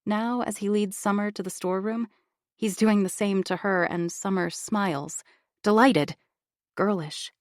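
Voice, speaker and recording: A woman reading a first-person audiobook thriller in an expressive, confiding inner-monologue style. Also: medium pitch, unhurried, no room sound, clean studio sound. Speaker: audiobook narrator.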